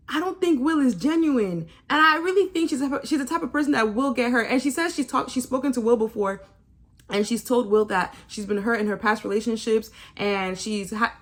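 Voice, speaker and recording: A woman with a fairly high voice talks through a reality show recap in a chatty, opinionated way. She teases freely, drops into sarcastic mimicking asides and laughs often. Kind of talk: casual episode review.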